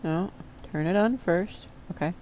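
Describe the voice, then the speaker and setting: A woman's voice: on the low side, a little slow, a little mellow, slight background noise. A woman streamer chatting to herself as she plays, casual and prone to swearing under her breath. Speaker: game streamer. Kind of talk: casual gameplay commentary.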